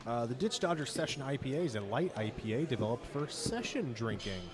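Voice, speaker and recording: Man, host, middle pitch, upbeat, noisy bar crowd behind. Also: big pitch swings, a little fast. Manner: enthusiastic, reads descriptions smoothly. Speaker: podcast host. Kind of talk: hosting a beer tasting show.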